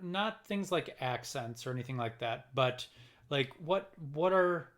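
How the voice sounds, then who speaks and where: A man's voice: mid-range voice, animated, fairly bright tone. A middle-aged man from Minnesota with a Minnesotan accent, co-hosting a casual chat podcast and rambling with lots of fillers and restarts. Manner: rambling, halting with many fillers. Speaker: podcast co-host.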